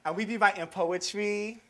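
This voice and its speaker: A man's voice: high-pitched, steady tone, measured pace. A man playing a cocky teenage girl poet who likes girls in a live solo show, giggling, swaggering and teasing. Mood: cocky, giggly. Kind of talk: live solo theater performance. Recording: live show with loud music.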